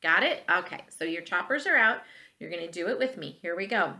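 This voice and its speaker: Bright-voiced woman teaching phonics. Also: on the low side, expressive. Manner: slow, clear and encouraging, stretching sounds for children. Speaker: elementary school teacher. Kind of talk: phonics lesson for young children. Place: bedroom at home.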